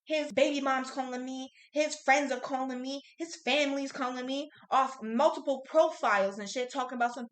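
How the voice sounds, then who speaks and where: A woman's voice: sits high, a little fast, hardly any pauses. A young woman co-hosting a podcast, telling a story in blunt, profane, casual talk. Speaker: podcast co-host. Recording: echoey room.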